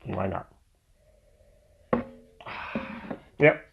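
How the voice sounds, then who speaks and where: A man hosting a casual whiskey review vlog, rambling and pausing often with "um" and restarts. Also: noisy background. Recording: slightly dull lo-fi audio.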